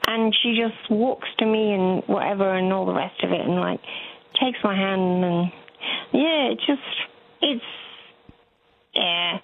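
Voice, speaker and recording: A woman's voice: medium pitch, a little slow, gravelly, long pauses. Seventies female caller, chatty laughing storyteller, phone-line sound. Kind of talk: phone-in chat. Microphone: telephone.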